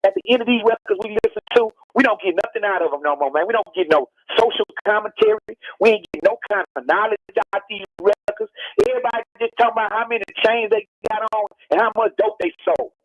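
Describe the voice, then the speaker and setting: A Texas rapper phones in to a radio show, his high voice racing along with hardly a pause as he lectures emphatically and keeps repeating his points. It's a heated call-in interview, and the telephone line leaves the dry recording sounding muffled.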